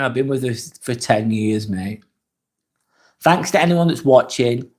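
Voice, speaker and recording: A young English man on a live-stream, casually reading chat comments and answering candidly, swearing now and then. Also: a little high. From England. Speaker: livestream vlogger.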